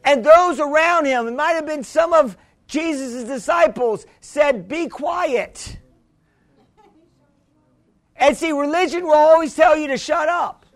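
A man preaching a sermon who keeps restarting, calls out to the congregation, and rises into shouted passages. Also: very high voice, normal speed. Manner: fervent, builds to shouts, calls for a witness.

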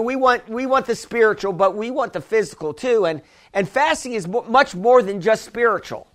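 A man with a notably high voice preaches a sermon to his congregation. He talks in a loose, conversational way, full of restarts and asides, and builds toward emphatic calls to the church. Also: lively intonation, normal speed, fairly bright tone. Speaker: pastor.

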